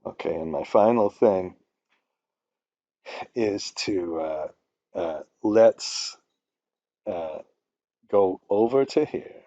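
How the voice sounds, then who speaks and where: A man's voice: sits low, animated, extremely slow, long pauses, dark tone, no room sound, lo-fi sound. Rambling older man ranting in a tutorial. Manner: rambling, ranting, swears when annoyed. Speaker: instructor. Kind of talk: screen-recorded spreadsheet tutorial.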